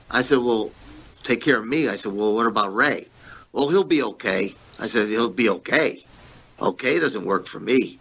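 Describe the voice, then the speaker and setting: A man's voice: medium pitch, normal speed, highs cut off. A man telling blunt, profane stories as a guest in an interview, acting out the people he quotes. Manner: blunt, profane, animated when quoting others. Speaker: guest, former pro wrestler. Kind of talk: candid storytelling interview.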